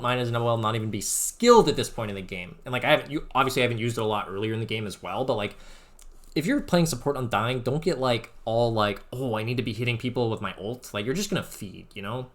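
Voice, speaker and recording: A young man casually commenting on his own game footage as a coach, rambling and filling his talk with "like.". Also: medium pitch. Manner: rambling, filler-heavy, says "like" constantly. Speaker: Dota coach analyzing his own gameplay.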